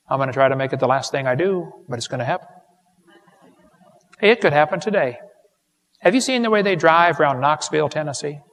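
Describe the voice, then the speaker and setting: A man's voice: fairly high pitch, fairly bright tone, big-room sound. Folksy preacher man. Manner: folksy, joking with the crowd, earnest pleading. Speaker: evangelist. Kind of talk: sermon with altar call.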